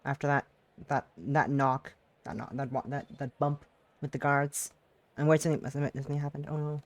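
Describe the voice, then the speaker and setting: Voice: mid-range voice, steady tone, fairly quick, no echo. A streamer reading a visual novel's dialogue aloud during a live stream, teary and emotional, breaking into swearing outbursts between lines.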